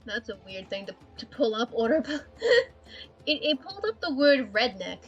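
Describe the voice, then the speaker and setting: A woman's voice: fairly high pitch, very animated, normal speed, highs cut off, soft background music. A woman streaming while she draws, chatting casually in a rambling way, swearing and laughing often. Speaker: art streamer. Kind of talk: casual livestream chat while drawing.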